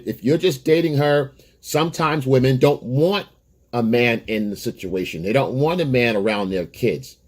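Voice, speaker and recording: A man's voice: medium pitch, darkish tone. A man giving dating advice straight to camera, blunt and emphatic, lecturing and repeating his points. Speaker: dating coach. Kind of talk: direct-to-camera advice monologue.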